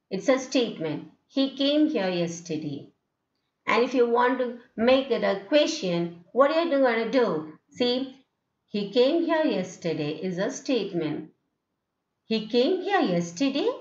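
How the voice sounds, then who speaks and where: A woman with an Indian English accent giving a lecture on intonation, explaining slowly with many okays and fillers and repeating example sentences with rising and falling tones. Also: on the high side, a bit bright. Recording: echoey, dull lo-fi room sound.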